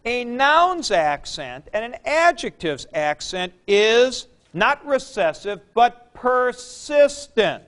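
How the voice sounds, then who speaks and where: A man with a high-pitched, fairly bright voice gives a grammar lecture in class. He's plain-spoken, explaining step by step with folksy comparisons and frequently checking in with his listeners.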